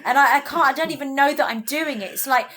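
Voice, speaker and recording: Casting: high, sparkling woman comic, an expressive storyteller. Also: fast talker. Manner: lively storyteller who slips into comic voices. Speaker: comedian guest. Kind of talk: animated podcast chat.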